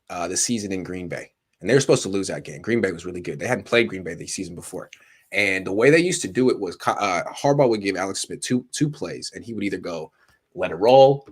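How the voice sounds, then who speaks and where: A man's voice: low voice, slightly rough. A man hosting a casual sports talk show, talking animatedly with frequent restarts. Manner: animated, storytelling, lots of restarts. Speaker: sports podcast host.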